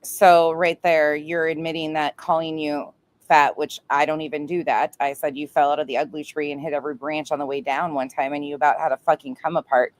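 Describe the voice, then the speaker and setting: Low-voiced blunt woman commentator. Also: flat delivery, fairly quick. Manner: blunt, profane. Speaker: commentary streamer. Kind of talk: reaction commentary.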